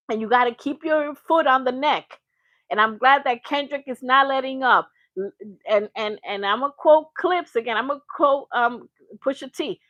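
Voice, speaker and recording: Animated woman hosting a live stream. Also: sits high, a little slow, no room sound. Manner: animated, emphatic, shouting out viewers. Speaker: livestream host. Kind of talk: live reaction stream chat.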